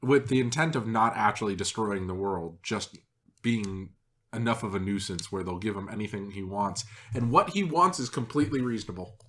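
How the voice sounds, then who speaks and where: A man with a somewhat low voice co-hosts a relaxed film-review podcast. He talks in an easygoing way and slips in deadpan, contrarian jokes to needle his co-host. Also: moderate pace. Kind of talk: casual film-review chat.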